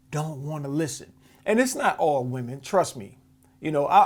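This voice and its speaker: Heated, profane man, slightly high voice. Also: darkish tone. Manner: heated, profane, repeats words when restarting. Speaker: podcast host. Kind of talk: reacting to a clip, casual commentary.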